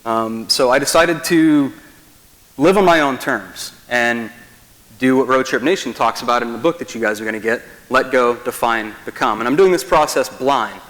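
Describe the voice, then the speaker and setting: A man's voice: medium pitch, moderate pace, a bit bright. A young man from Kentucky giving a casual keynote speech to an audience, loose and chatty with many ums and likes. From Kentucky, USA. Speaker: keynote speaker. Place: large hall. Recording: long reverb of a big hall.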